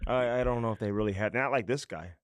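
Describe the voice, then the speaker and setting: A man co-hosting a podcast, teasing his partner with quick laughing jabs. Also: mid-range voice, dry recording. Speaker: podcast co-host. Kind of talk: casual podcast chat.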